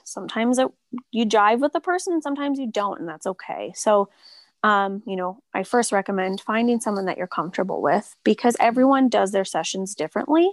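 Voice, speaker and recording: A woman who practices Reiki talks casually and softly in an interview, with many filler words. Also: mid-range voice, dry recording. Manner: soft-spoken, lots of filler words. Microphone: remote call.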